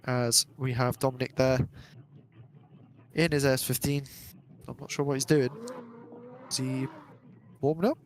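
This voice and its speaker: A man doing live esports commentary, chatty and jokey, quick to laugh as he calls the action. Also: medium pitch, steady tone, slight background noise.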